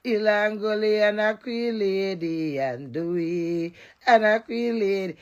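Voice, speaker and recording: A woman's voice: medium pitch, normal speed, darkish tone. A Jamaican woman in a defiant, emotional live rant, cursing and repeating phrases in a chant.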